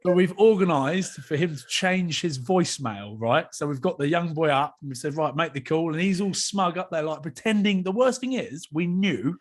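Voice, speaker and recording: A young man co-hosting a podcast, chatting casually and telling an animated story, with the people in it voiced by him. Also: a little high, moderate pace, few pauses. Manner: animated storyteller who acts out the voices of the people in his anecdotes. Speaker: podcast co-host. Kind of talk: casual chat.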